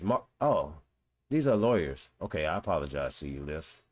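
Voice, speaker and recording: This commentary host has a bass voice and delivers at a moderate pace while being very animated. He reads out quotes from a news article, then reacts bluntly, mockingly and with plenty of swearing.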